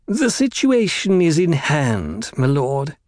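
A man's voice: a little high, huge pitch swings, slow pace, a little mellow, dry recording, studio quality, exaggerated voice. A man voicing a silky, nervous male advisor who answers his master deferentially and hesitantly.

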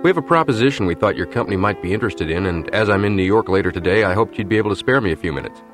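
A man voicing a shrewd male bank chief executive who speaks in a measured, guarded way. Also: on the low side, animated, music in the background, natural voice.

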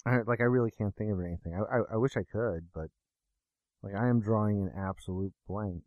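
A man's voice: on the low side, fairly quick, no room sound, narrow, tinny audio. Dry-sounding man in casual film chat. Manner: jokey, rambling, self-deprecating. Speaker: podcast co-host reviewing films.

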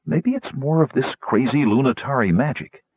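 A man's voice: mid-range voice, normal speed, husky, no room sound, muffled recording, pitched above the performer's own voice. A man voicing a proud, power-hungry woman warrior who speaks firmly and commandingly, in an audiobook. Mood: wary. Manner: firm, commanding.

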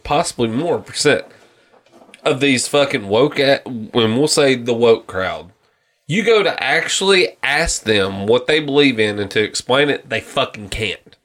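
Profane, animated podcast guy. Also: medium pitch, measured pace. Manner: profane, animated, acts out stories in voices. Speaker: podcast co-host. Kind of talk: casual podcast chat.

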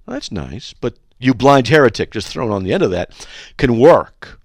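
A man hosting a radio talk show, speaking bluntly and argumentatively, with animated, joking asides. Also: on the low side, normal speed, vocal fry.

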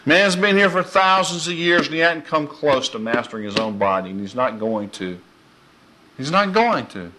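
Folksy, bright-voiced male preacher. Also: on the high side, moderate pace, a little hiss or hum. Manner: folksy, animated, laughs often. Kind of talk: informal sermon.

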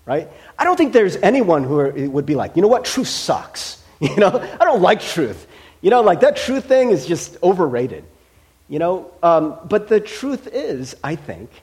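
A man's voice: a little high, darkish tone. A middle-aged man from Ohio, a pastor giving a conversational sermon, joking and acting out quoted voices. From Cincinnati, Ohio.

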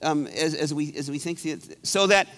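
A man's voice: a little high, normal speed, a bit bright. A man preaching a conversational sermon as pastor, often restarting his sentences. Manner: conversational, rambling with many restarts. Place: church sanctuary. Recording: echoey church sanctuary.

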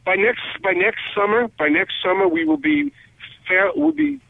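Gravelly man on a tinny phone line. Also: very high-pitched, moderate pace, dry recording. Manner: animated, acts out quoted conversations. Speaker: guest guitarist. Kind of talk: phone interview storytelling.

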